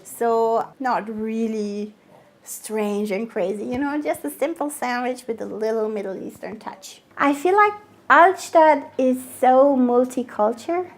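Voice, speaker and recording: A woman with a slightly high voice speaks at a measured pace. She grew up in Germany and runs a cafe, and in this documentary interview she's lively, laughing often as she acts out quoted dialogue.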